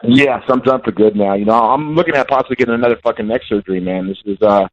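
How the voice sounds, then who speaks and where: Calling in by phone, the fortysomething fighter is blunt, intense, and repetitive in his interview. He has a mid-range voice and speaks fast, with dry, dull lo-fi call-in sound.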